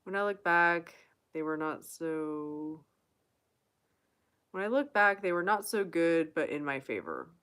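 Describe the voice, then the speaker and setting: A woman's voice: low-pitched, animated, unhurried, fairly bright tone, clean tone. A young woman hosting a casual live Q&A stream, chatting and reading viewer comments aloud. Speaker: livestream host.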